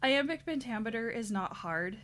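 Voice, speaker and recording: A woman's voice: fairly high pitch, animated, normal speed, a bit bright, slight background noise. A married woman co-hosting a casual podcast chat, joking and chatty. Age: adult, married. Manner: chatty, jokey, puts on silly voices. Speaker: podcast co-host.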